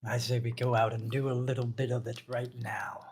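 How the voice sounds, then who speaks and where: A man voicing a brooding male rogue in a tabletop game, in a low growling mumble. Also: level tone, fairly quick, a little mellow, husky, lightly acted. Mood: menacing. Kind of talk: tabletop role-play.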